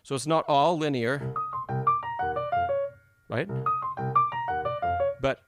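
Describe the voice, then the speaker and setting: A man's voice: medium pitch, very slow. Man teaching piano on a live stream. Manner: encouraging, explanatory, hums phrases aloud.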